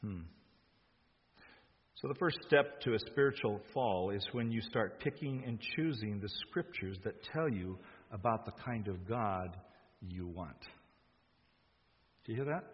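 A man's voice: on the low side, expressive, a little slow, long pauses, slightly rough. A man preaching a sermon, emphatic, acting out quoted lines with rising force. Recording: dull sound with long hall reverb.

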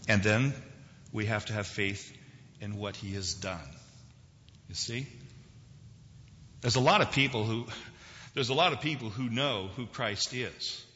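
A man delivers a conversational sermon, his voice bright and forceful as it rings through a church sanctuary with a long reverb tail. He swings between loud, quick bursts and slow, drawn-out emphasis. The recording itself is dull and lo-fi. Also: on the low side, slight background noise. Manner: conversational, dramatic swings in loudness and pace. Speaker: preacher.

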